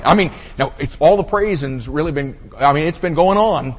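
A man preaching a sermon, folksy and direct, swinging from hushed murmurs to loud shouted exclamations. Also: a little high, expressive, moderate pace, hardly any pauses. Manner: folksy, addresses the audience as y'all and buddy. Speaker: pastor. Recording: husky voice with long hall reverb.

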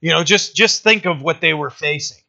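Bright-voiced pastor teaching a psalm. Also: male voice, on the high side. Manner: casual, halting, with many fillers and restarts. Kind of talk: conversational Bible teaching. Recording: dull lo-fi recording.

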